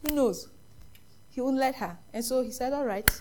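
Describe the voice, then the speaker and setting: A Nigerian woman preaching a sermon in a high voice. She tells lively stories and keeps quizzing the congregation with questions. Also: moderate pace, very noisy.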